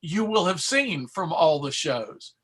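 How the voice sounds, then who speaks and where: Male panelist, high bright voice, wry jokes, video call. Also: big pitch swings, slow pace. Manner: joking, wry asides. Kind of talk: casual panel chat.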